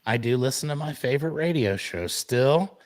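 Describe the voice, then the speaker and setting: Guy co-hosting a morning show, middle pitch, chatty, keeps talking to the folks watching. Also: expressive, normal speed. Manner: chatty, tells stories and talks to "folks". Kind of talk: casual chat.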